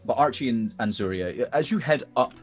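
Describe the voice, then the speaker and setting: A man's voice: medium pitch, animated, fairly quick, faint music behind. Hesitant man running a game. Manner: rambling, hesitant with many fillers. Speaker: dungeon master. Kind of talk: narrating a tabletop game.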